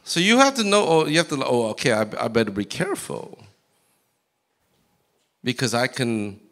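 A man preaching a sermon as pastor in a church, animated and acting out scripture in voices. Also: medium pitch, normal speed. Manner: animated, acts out Bible quotes in character voices. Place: church sanctuary.

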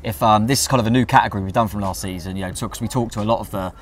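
A man's voice: lowish voice, fairly even intonation. A man co-hosting a fan channel, chatting enthusiastically and restarting his sentences often. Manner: rapid, restarts a lot, enthusiastic. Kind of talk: casual chat review.

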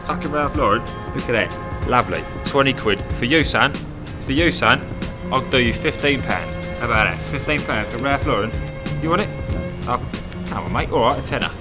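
A man plays a brash wheeler-dealer who talks like a market trader, all slang and bluster. His voice sits at an ordinary mid pitch, with background music over it. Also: expressive, normal speed, close to an everyday voice. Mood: salesy. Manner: cocky slangy patter, calls people mate and son. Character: brash cockney wheeler-dealer professor, defensive hustler. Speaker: mock interviewee. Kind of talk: mockumentary comedy.

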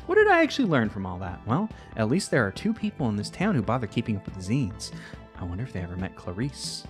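Man, let's-play host, rambling casual commentary, animated delivery. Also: on the low side, fast, faint music behind. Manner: rambling, chatty, swears casually.

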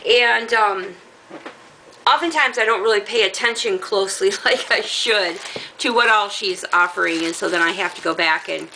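A middle-aged woman with a gravelly voice, casually chatting as she shows off fabric from a craft haul, rambling and laughing often. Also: lowish voice, sharp tone, a little hiss or hum, poor audio. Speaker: crafting channel host. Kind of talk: casual haul show-and-tell.

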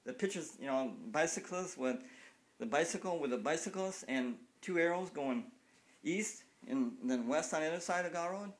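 This man in his fifties, a cyclist vlogger, vents angrily to his phone camera, repeating himself and cursing freely. He speaks at a normal speed in a slightly high, expressive voice.

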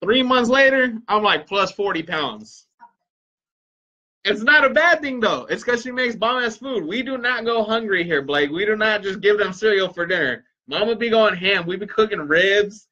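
A man's voice: high-pitched, expressive, normal speed, bright, forceful tone, lo-fi sound. A man hosting a casual livestream, joking with viewers and swearing freely. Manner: joking, profane, talks straight to viewers. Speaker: livestream host and parent.

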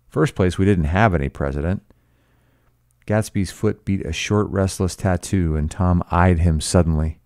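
A man's voice: deep voice, normal speed, dark tone, no room sound, clean studio sound. A man reading a novel aloud as a teacher, breaking off for blunt, sarcastic, profane commentary.

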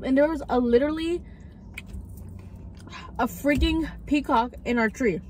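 A teenage girl chats through an eating vlog in a slangy, casual way. Her voice sits a little high, and she talks around her food. Faint car and outdoor noise hums behind her. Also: normal speed, a little mellow, poor audio. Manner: chatty, slangy, talks with mouth full. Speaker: vlog host. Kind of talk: casual mukbang chat.

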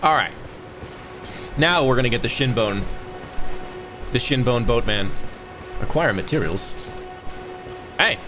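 A man giving excitable gameplay commentary who yells and swears at the game. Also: mid-range voice, a little slow, long pauses. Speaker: gaming channel host. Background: game music.

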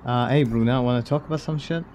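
A man's voice: medium pitch, steady tone, fast, darkish tone, slight background noise. Wry, blunt male game streamer. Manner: wry, blunt, swears casually, chuckles at the game. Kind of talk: casual let's-play commentary.

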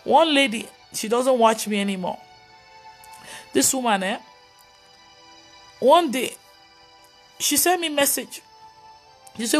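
A woman's voice: sits high, slow pace, pauses often, soft background music. A woman pastor preaching on a live video, telling stories and scolding with emphatic exclamations. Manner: animated storytelling, mimicking others' voices.

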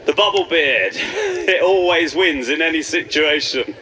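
Brief: man, stand-up set, playful crowd work, higher voice, stage mic in a noisy live club. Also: a little slow. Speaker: stand-up comedian. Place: comedy club stage before a live audience. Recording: live club with audience noise.

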